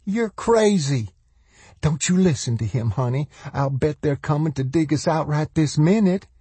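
A man voicing a hysterical rural woman, high and shrill with folksy talk. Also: animated, normal speed, mellow, husky, no room sound. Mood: frantic.

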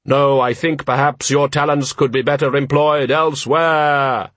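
A man voicing a grim supernatural rider who speaks slowly and deadpan. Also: mid-range voice, dry recording, pitched above the performer's own voice, natural voice. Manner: slow, flat, deadpan.

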